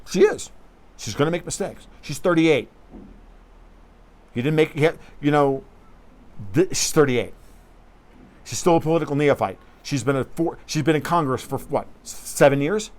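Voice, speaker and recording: A man's voice: fairly high pitch, moderate pace, long pauses, darkish tone. A man hosting a casual political livestream, talking bluntly and profanely in a rambling way and reading viewer comments aloud. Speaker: livestream host.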